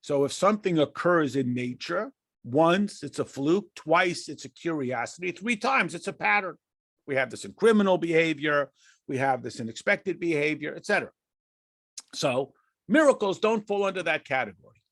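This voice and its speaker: A man's voice: a little high, animated, moderate pace, fairly bright tone, no room sound, clean studio sound. An American man teaching a conversational Torah lesson, asking and answering questions with frequent restarts and chuckles. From United States. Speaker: rabbi teaching a class.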